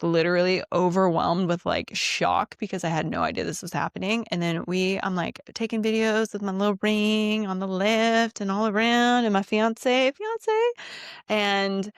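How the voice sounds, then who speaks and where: A woman podcast host telling a personal story in a casual, animated and profane way, acting out the quotes, on a close mic. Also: mid-range voice, clear, resonant tone, dry recording.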